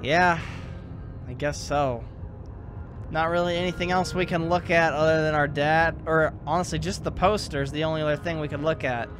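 A man's voice: fairly high pitch, steady tone, normal speed, music in the background. A man hosting a let's play, reacting emotionally and sympathetically as he comments on the game.

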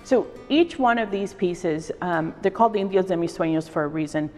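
With soft background music playing in a reverberant exhibition hall, a middle-aged woman from El Salvador who carves wood shares personal stories in a reflective interview. Her lowish voice is a little fast and slightly mellow.

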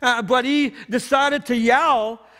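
A man with a notably high voice preaches a sermon as pastor. He talks in an earnest, conversational way, often restarting his phrases. His voice rings out with a long church hall reverb. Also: steady tone, slow pace, sharp tone. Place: church sanctuary.

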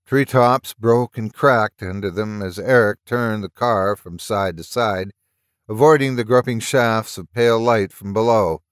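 A man reads a story aloud at a steady, measured pace. His voice sits low, and the close-miked recording is dry. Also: smooth, no room sound. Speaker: horror story narrator. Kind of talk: audiobook reading of a story.

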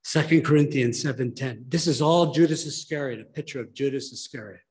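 A man's voice: mid-range voice, a little fast, darkish tone, breathy edge. A man preaching a church sermon as pastor, emphatic and pleading with his listeners.

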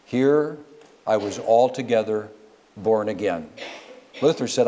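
A middle-aged man preaching a sermon at a church service, swinging from quiet low asides to loud rising exclamations. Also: normal speed. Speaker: guest preacher.

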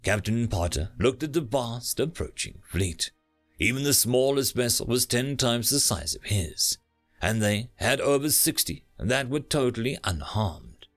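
A man narrating a sci-fi short story as an audiobook, telling it dramatically with small pauses. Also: mid-range voice, lively intonation, faint music behind. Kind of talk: scripted narration.

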